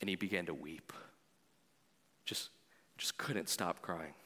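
A pastor preaching a sermon in a conversational way, moving between loud appeals to the congregation and quiet storytelling. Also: male voice, sits low, slow pace, big-room sound.

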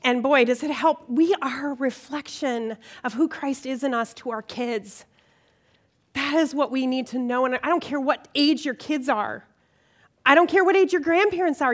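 A middle-aged woman giving a conversational sermon at a church gathering, animated and emotional, often checking in with her listeners. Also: sits high. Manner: animated, emotional, frequent "okay?" check-ins. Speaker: women's ministry speaker.

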